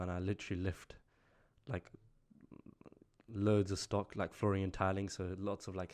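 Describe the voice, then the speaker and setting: A man of twenty-two, telling a casual story-time vlog in a chatty, exasperated way, full of "like" fillers. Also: low voice. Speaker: vlogger.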